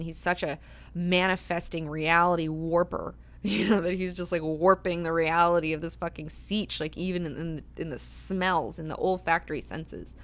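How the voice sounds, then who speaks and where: A woman's voice: fairly low pitch, a bit bright. A woman hosting a book club discussion, talking casually with many fillers and frequent swearing. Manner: chatty, filler-heavy, swears freely.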